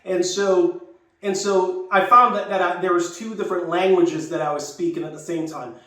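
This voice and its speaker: A man's voice: sits high, fairly even intonation, normal speed, bright, forceful tone. A man in his sixties, raised in Jamaica and now speaking with an American accent, telling a personal story in a thoughtful, conversational way that circles back to rephrase. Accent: American, Jamaican trace lost. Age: 60s. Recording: very echoey, distant mic, faint music.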